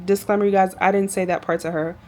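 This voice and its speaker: A woman's voice: medium pitch, flat delivery, fast, a little mellow. A woman flight attendant telling a work story to her viewers in a chatty, exasperated vlog style.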